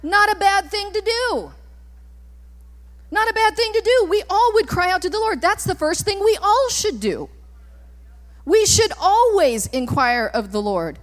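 High-voiced woman preaching emphatically. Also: animated, measured pace. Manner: emphatic, repeating commands and rising to shouts. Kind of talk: sermon. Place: church sanctuary. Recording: long reverb in a church hall.

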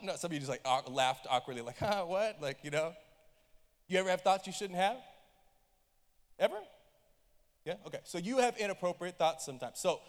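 A high-pitched male pastor delivering an impassioned sermon, his voice swinging from quiet, intimate asides to loud bursts. He sounds middle-aged. A long reverb trails each phrase, as in a large church hall. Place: church auditorium.

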